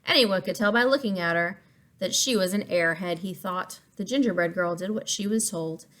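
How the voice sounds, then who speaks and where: A woman reading a picture book aloud to children, pausing to ask questions and explain words. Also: on the low side. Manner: expressive, asks listeners questions, explains words. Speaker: story reader for children.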